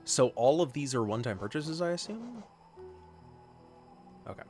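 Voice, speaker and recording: An American man plays a game live while ribbing his chat in a loose, joking way. He trails off into ums and restarts often. Soft music plays faintly behind his mid-pitched voice. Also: fast talker. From United States. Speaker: streamer.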